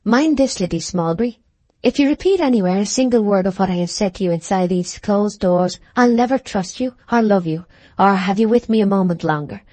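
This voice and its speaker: A woman's voice: medium pitch, moderate pace, dark tone, dry recording, close to an everyday voice. A woman playing a proud, lovesick young mistress. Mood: haughty. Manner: heightened, emotional period speech. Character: proud, passionate young woman farmer, anxious.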